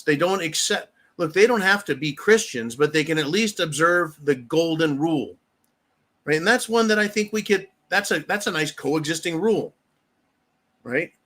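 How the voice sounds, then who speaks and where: The host of a live show, a man from the United States, has a slightly high, somewhat bright voice. He goes on a rambling, blunt, profanity-laced casual rant and reads messages from viewers aloud.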